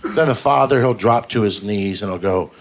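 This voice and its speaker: A man doing a stand-up comedy set on a club stage, telling stories in a deadpan way and slipping into quick put-on voices for the characters. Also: on the low side. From Southern California. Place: comedy club stage before a live audience. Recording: live club recording, loud audience noise.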